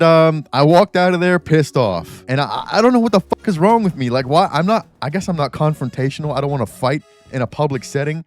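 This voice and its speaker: A man in his twenties ranting casually over gameplay footage, rambling, frustrated and swearing often. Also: medium pitch. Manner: rambling, frustrated, swears a lot, self-critical. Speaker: gaming commentary vlogger.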